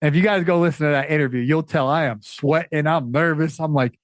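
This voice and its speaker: A man guesting on a podcast, chatting casually, animated and quick to laugh, with stammering restarts. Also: a little high, no room sound, studio quality. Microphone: studio microphone.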